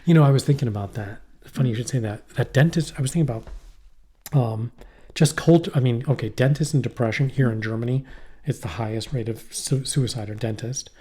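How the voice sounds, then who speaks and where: A middle-aged man chatting on a podcast, his voice dark and mellow. He rambles, swears freely and keeps breaking off mid-thought to start again. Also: mid-range voice, fairly quick, breathy edge. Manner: rambling, profane, trails off and restarts. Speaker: podcast co-host. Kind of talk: casual chat. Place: poorly heated shack.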